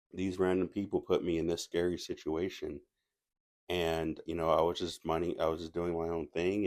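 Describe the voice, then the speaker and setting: A man's voice: low voice, a little mellow. A man casually telling a personal story as a movie reviewer, rambling with restarts and asides.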